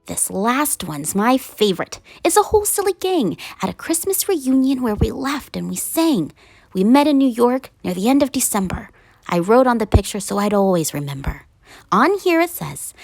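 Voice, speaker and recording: A woman voicing a lonely, kindly old woman who chats gently as she tells her story. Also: fairly high pitch, sing-song, moderate pace, gravelly, dry recording, exaggerated voice. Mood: gentle.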